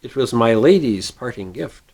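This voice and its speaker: A man voicing a slim, refined young male dandy who speaks gently in a storybook reading. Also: mid-range voice, animated, normal speed, husky. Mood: gentle.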